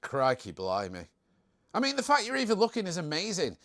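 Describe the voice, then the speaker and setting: A man's voice: high-pitched, huge pitch swings, a little fast, fairly bright tone. A young man hosting a casual live stream, chatting in a jokey way and reading out viewer comments.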